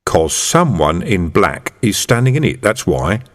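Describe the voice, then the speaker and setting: Vimes, a man playing a dry, gruff police sergeant. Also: sits low, very animated, a little slow, slight background noise. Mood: whispered. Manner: dry, mock-official copper talk. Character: gruff streetwise middle-aged male police sergeant. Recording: reverberant room.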